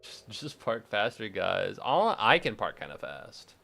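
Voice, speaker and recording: A man's voice: fairly low pitch, sing-song, unhurried, vocal fry, sharp tone, soft background music. A man in his twenties chatting casually to his live-stream viewers while gaming, rambling, joking and swearing with a self-deprecating streak.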